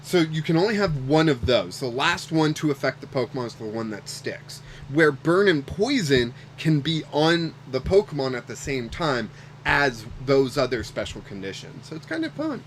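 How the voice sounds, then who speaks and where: A man's voice: mid-range voice, animated, normal speed, a little hiss or hum. A man in his thirties streaming as he opens card packs, chatty and rambling with fillers. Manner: chatty, rambling with fillers, gets emotional then recovers. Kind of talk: casual livestream chat while opening card packs.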